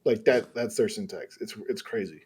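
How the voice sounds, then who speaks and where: A man's voice: on the low side, moderate pace, darkish tone, breathy edge. Young man explaining eagerly. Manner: explains eagerly, rambling asides. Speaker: podcast co-host. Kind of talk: casual chat.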